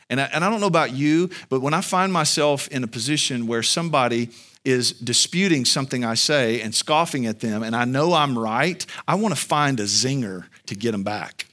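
A man preaching a sermon as pastor, speaking to the congregation in a conversational way and building to loud, high-pitched emphasis. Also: lively intonation, moderate pace. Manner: conversational, addresses the congregation directly.

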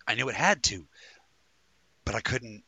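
A man's voice: medium pitch, expressive, measured pace, gravelly, sharp tone, husky, no echo. A man hosting a live talk show in a rambling, jokey way, full of stumbling restarts. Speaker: host. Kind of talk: casual live-show chat.

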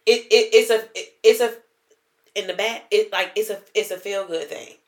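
A woman co-hosting a casual podcast, jumping in quickly with many fillers and restarts. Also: medium pitch, fairly even intonation, echoey room. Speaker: podcast co-host.

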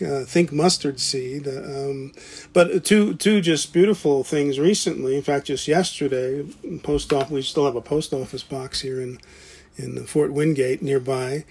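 A man's voice: fairly high pitch, a little mellow, slightly rough. A man talking casually about founding a college, stopping and restarting often, repeating words as he goes. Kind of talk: casual conversation.

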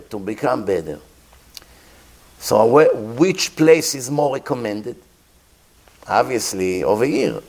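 A man giving a sermon as a rabbi, telling a story with pauses and acted-out sounds. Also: medium pitch.

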